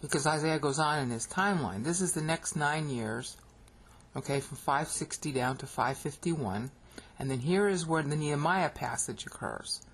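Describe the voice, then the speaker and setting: This is an American-accented Bible teacher talking over a screen recording, with a husky, slightly rough voice that sits at an ordinary middle pitch. They explain step by step and keep checking in with the listener, tossing in a quick "okay?" or "all right?" between points. It sounds like a computer mic at a desk. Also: fairly bright tone. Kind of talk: screen-recorded lecture narration.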